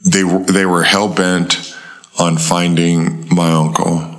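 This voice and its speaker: A man as an interview guest, telling a tense life story in a casual, animated way and acting out the voices of people he quotes. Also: slow. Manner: animated storyteller, acts out quoted voices in a higher pitch, swears freely.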